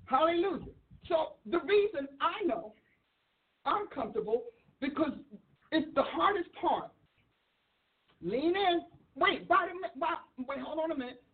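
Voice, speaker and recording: A woman preaches with excitable energy, often laughing and acting out the voices in her stories. Her voice sits high. The sound is thin and phone-like. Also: measured pace, pauses often. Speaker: preacher and author. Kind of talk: sermon. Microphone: livestream.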